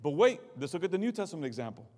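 A male pastor preaching a dramatic sermon, dropping low and quiet and then rising loud, and mocking excuses in a put-on voice. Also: big pitch swings, rapid-fire. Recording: long hall reverb.

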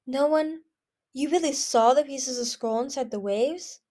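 A woman's voice: sits high, measured pace, dark tone, pitched above the performer's own voice. A woman voicing a shy, artistic young male dragon who talks hesitantly.

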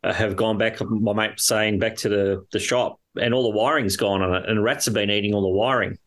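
Man, podcast co-host, lowish voice, dry casual chat. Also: fairly even intonation, brisk, fairly bright tone.

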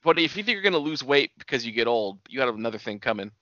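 A young man co-hosting a casual podcast, calmly explaining the plot to listeners and calling his friend buddy. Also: mid-range voice, racing, dry recording. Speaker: podcast co-host. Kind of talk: casual chat recapping a cartoon. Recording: dull, slightly lo-fi dry sound.

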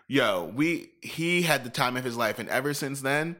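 A man in a casual chat, telling a lively, profane story and acting out what people said. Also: mid-range voice, fairly quick, few pauses. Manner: animated, profane storytelling with acted-out quotes.

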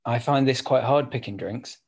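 A man in casual chat, telling ideas in a relaxed, rambling way with fillers. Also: medium pitch, moderate pace.

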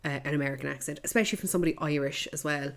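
A woman hosts a casual movie podcast, talking in a lively, sweary way and laughing easily at her own jokes. Her voice sits slightly low for a woman. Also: very fast. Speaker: podcast host.

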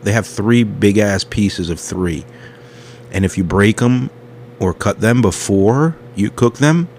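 A man's voice: on the low side, a little mellow, a little hiss or hum. A man hosting a comedy podcast, rambling through a crude, self-mocking monologue full of tangents. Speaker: podcast host.

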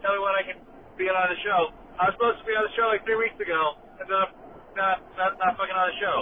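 A man calling in from his car, ranting loudly and swearing in a comic voice message. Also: sits high, steady tone, fast talker. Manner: loud, brash, swearing. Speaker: caller leaving a voice message. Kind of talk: profane comic rant. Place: driving in a car. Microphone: phone. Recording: tinny phone line with car noise.

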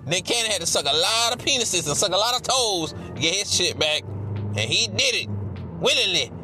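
Male podcast host, angry rant, sharp bright tone, pitch swinging wildly, faint music under him. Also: sing-song, normal speed. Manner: heated, swearing, bursts into shouting.

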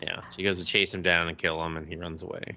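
A man with a low, gravelly voice chats casually on a podcast. He swears a lot and breaks into rough imitations of the characters as he retells the story. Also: little pitch movement, sharp tone. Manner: profane, acts out characters' lines in quick voices. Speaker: podcast co-host. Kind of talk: casual chat recapping an anime.

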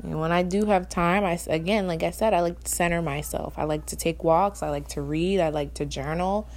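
A woman's voice: on the low side, fairly even intonation, fairly quick. A woman in her thirties co-hosting a casual couple's podcast, talking candidly and reflectively, rambling with restarts. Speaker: podcast co-host.

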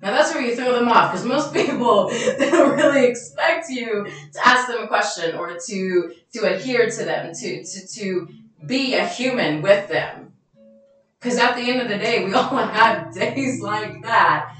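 A woman's voice: fairly high pitch, expressive, measured pace, fairly bright tone. A woman hosting a podcast, giving earnest advice in a reflective casual talk and telling personal stories. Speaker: podcast host. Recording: echoey room, mic at a distance, faint music.

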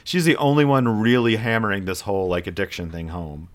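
A man's voice: on the low side, brisk. Man recapping an episode, acting out lines. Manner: animated, acts out characters' lines in quotes. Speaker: podcast co-host. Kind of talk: casual chat recapping a TV episode.

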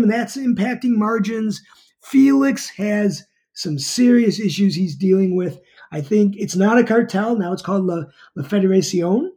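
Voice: medium pitch, warm tone. A middle-aged TV show reviewer talking casually, rambling, with many fillers and restarts.

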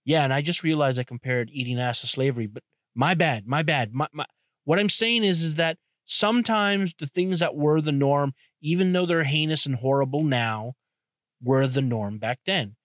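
A young man with a slightly high voice holds forth on his podcast in a loose, profane ramble. He keeps circling back with restarts and asides. The sound is dry and close, with no room around it. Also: normal speed, no room sound. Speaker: podcast host. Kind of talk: casual solo podcast monologue.

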